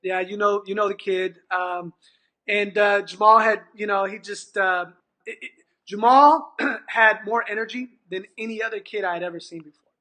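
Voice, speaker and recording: A man's voice: high voice, moderate pace. A middle-aged man, an after-school program manager, telling a story as a guest and acting out the dialogue in it, with lots of restarts. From California, USA. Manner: animated, acts out quoted dialogue, many restarts. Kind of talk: storytelling in conversation.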